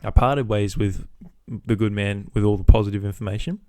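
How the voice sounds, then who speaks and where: In a clean, dry studio recording, a podcast host speaks at a moderate pace with a fairly low, darkish voice and fairly even intonation. He shares a casual workday story, swearing and playing both sides of phone calls.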